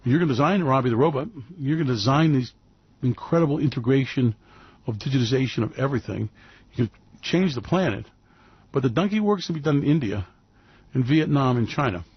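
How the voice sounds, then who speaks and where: A man's voice: medium pitch, breathy edge, no echo, dull audio. A man hosting a radio show, talking in a rambling, emphatic monologue full of fillers and restarts. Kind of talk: opinionated monologue.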